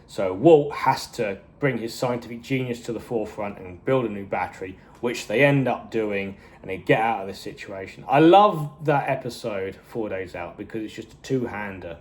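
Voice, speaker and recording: A man's voice: lowish voice, a little hiss or hum. Rambling man reviewing a TV series. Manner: rambling, goes off on tangents, acts out characters' lines in quick bursts. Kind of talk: casual review chat.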